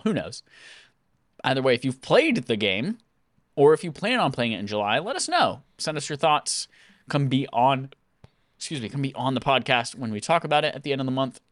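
A man's voice: mid-range voice, no echo. A man hosting a podcast, talking in a casual, jokey way as he signs off the show into a studio microphone. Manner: jokey, animated. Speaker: podcast host.

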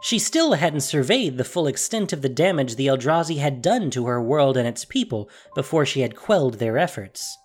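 A narrator reading a fantasy story aloud in an expressive, dramatic storytelling manner. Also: medium pitch, moderate pace, few pauses, soft background music. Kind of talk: scripted audiobook narration.

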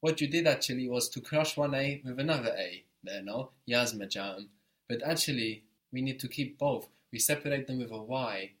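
A man's voice: medium pitch, a little fast, few pauses, fairly bright tone. A man teaching a spoken language lesson, patiently explaining step by step and encouraging his student.

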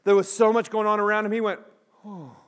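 Guy preaching to a room of students, kinda high voice, tells the story big and acts out the voices. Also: level tone, very fast, clear, resonant tone. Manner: drops to a quiet, earnest tone at the close. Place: in front of a live audience.

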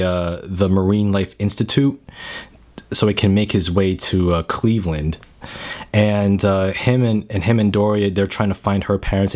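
A man's voice: fairly low pitch, darkish tone. A man giving a casual spoken film review, emotional, often stammering and repeating his words.

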